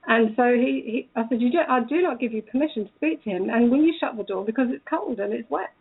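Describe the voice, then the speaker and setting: A woman's voice: on the high side, fast talker, husky, narrow, tinny audio. A woman telling a story in a casual way, acting out the lines of the people in it. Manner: animated, acts out quoted dialogue. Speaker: speaker recounting a police encounter.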